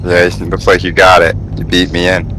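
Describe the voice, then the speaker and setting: A man chatting casually over voice chat while playing a game with friends, relaxed and joking. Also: deep voice, brisk, slight background noise, rough recording. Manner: relaxed, joking, laughs often. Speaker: gamer streaming with friends.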